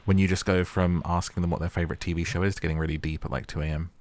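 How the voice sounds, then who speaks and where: Gaming host, male; lowish voice, chatty, playful. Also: level tone, rapid-fire, darkish tone, a little hiss or hum. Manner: chatty and playful, teasing the characters. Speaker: gaming YouTuber. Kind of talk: casual game commentary.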